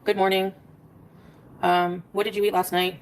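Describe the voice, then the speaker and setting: A woman on a casual livestream, rapidly recounting a quarrel by reading out her text messages. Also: medium pitch, level tone, a little hiss or hum, low-quality recording.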